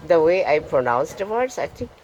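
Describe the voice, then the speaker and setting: Low, lively voiced woman vlogger. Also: normal speed, muffled recording, a little hiss or hum. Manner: questioning, defensive, lively. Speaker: vlogger asking for feedback. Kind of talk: casual family chat.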